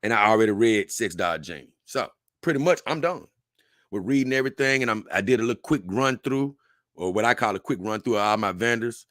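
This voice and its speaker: A man with a lowish but bright, forceful voice, chatting casually to his livestream audience. He reads through long lists at an easy pace and drops in offhand remarks. The sound is close and dry, with no room echo. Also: lively intonation, brisk. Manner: reads lists aloud unhurriedly with asides. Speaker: livestream host.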